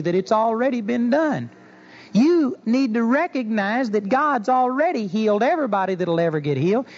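Earnest male preacher, lo-fi sound. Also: high voice. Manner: earnest teaching, acts out prayers in a pleading voice. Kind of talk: sermon. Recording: dull lo-fi sound.

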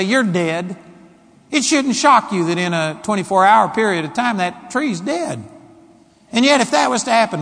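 A man preaches a sermon with a high, lively voice. His delivery is dramatic, moving between hushed and emphatic. A long reverb hangs in the hall. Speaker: pastor.

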